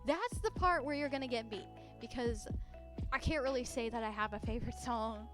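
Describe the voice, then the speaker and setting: A woman streaming a game live, talking to her chat with animated, exclamatory reactions and frequent giggles. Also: fairly high pitch, a little fast, over music. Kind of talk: live gameplay commentary.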